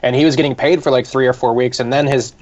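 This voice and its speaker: A man's voice: medium pitch, fast. Laid back guy rambling on a comedy podcast, lots of likes, dull audio. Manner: relaxed, rambling with many fillers. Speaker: podcast co-host. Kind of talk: casual chat. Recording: dull lo-fi sound.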